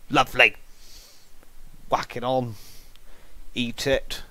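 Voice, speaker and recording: A man's voice: medium pitch, very animated, a little slow, pauses often, a bit bright, no echo. A man giving comic, exasperated reaction commentary, jokingly disgusted and theatrical.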